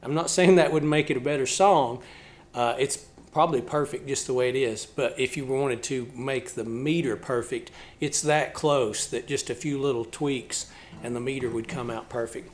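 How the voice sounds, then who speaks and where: A man's voice: mid-range voice, steady tone, moderate pace, slight background noise. A male musician and channel host talking casually about a song, thoughtful and explaining step by step with small restarts.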